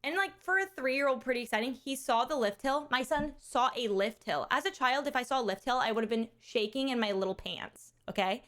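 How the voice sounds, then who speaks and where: A woman streamer hosting a charity fundraiser, telling a story in casual chat, animated, laughing often and swearing casually. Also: high voice, brisk, hardly any pauses.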